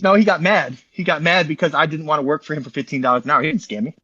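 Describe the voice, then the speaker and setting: A man's voice: a little high, steady tone, rapid-fire, pushed and bright, highs cut off. A man as an interview guest, telling his story in a rambling, slangy, casual way and calling listeners bro. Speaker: interview guest, online community founder.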